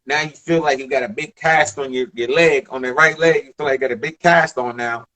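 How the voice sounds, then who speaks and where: A man in his thirties from the Bronx with a New York accent, telling stories in a casual interview, animated, emphatic and profane. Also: medium pitch, fairly quick. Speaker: former basketball player, guest.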